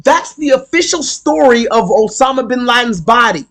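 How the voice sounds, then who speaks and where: A man with a strikingly high-pitched voice holds forth on a live stream. He rants with heat and plenty of swearing, hammering his points again and again. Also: expressive, moderate pace, fairly bright tone. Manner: heated, profane, emphatic, repeats himself. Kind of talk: ranting live stream monologue.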